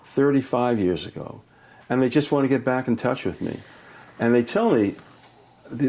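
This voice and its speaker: Older male educator guest, low voice, lively anecdotes with laughter. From Brooklyn, New York. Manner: animated, laughs often, acts out voices in stories. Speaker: educator and author, interview guest. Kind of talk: warm anecdotal storytelling.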